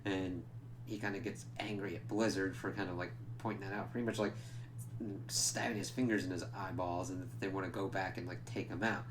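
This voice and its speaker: A man's voice: deep voice, fairly even intonation, fairly quick, noisy background. A man giving a casual, spoiler-filled comic book review, rambling along with lots of "like" and "kinda" fillers and casual swearing.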